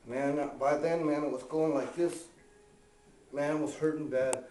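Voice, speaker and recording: A man with a fairly high voice spins a rambling personal story, cursing freely and tossing "man" into every other phrase. He sits back from the mic in a roomy, echoing space. A faint hiss runs under his voice. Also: steady tone, normal speed, a little mellow. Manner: profane, rambling, fills lines with "man". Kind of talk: casual personal storytelling to camera. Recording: echoey room, distant from the mic, faint hiss.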